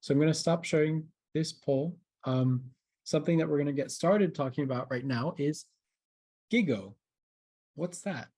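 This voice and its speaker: A man's voice: fairly high pitch, moderate pace, dark tone. A man hosting a live webinar, talking straight to the audience in an upbeat way over a video call mic. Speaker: webinar host.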